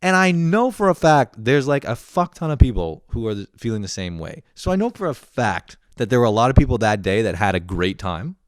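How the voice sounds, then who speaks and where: Give me a young man in a profane, animated comedy rant, close and dry. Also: medium pitch, brisk, hardly any pauses, dry recording. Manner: profane, animated, laughs often. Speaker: host.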